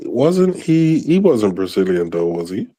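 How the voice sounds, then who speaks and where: A man co-hosting a fan stream, chatting about the match in a measured, hesitant way with many pauses and restarts. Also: lowish voice, sing-song, warm tone. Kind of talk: casual match chat.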